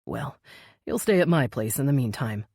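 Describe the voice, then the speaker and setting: A woman voicing a grieving but brisk male TV news boss, speaking in a clipped, earnest way. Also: mid-range voice, expressive, creaky, a little mellow, breathy edge, no echo, clean studio sound.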